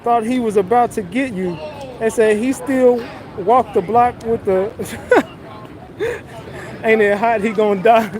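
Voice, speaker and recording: Street livestream host, male, very high voice, joking and loose, faint crowd around. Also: slow pace, long pauses, darkish tone. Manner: loose, joking, reads chat aloud. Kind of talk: casual livestream commentary. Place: outdoors on a busy city street.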